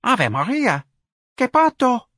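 A man's voice: very high voice, very animated, takes it slowly, bright, forceful tone, no echo, studio quality, voice pushed up, exaggerated voice. A male narrator voicing a pushy, threatening bar hostess. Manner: brash, wheedling, threatening. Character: pushy fortyish female bar hostess, menacing.

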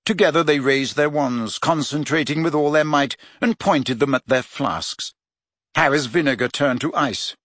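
Brief: male audiobook reader, husky, measured, dry booth sound. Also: fairly high pitch, a bit bright, dry recording. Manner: measured storytelling. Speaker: audiobook narrator. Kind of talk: scripted narration.

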